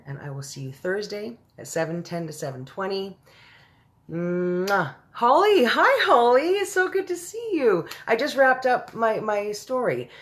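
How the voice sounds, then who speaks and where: Woman host, low voice, signing off a live stream, affectionate and chatty with her viewers. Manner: affectionate, chatty, calls viewers babe and honey.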